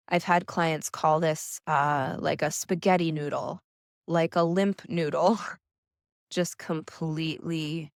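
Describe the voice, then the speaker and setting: Woman, young adult, gentle wellness coach, unhurried and soothing. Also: sits low, dry recording, clean studio sound. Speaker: nervous system coach. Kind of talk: calm instructional talk.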